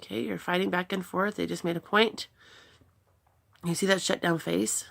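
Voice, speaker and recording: A middle-aged woman talks through parenting advice in an earnest, reflective way. Her voice sits a little low and has a gravelly texture that stays through her talk. She acts out soft, patient replies as examples. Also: fairly even intonation, moderate pace.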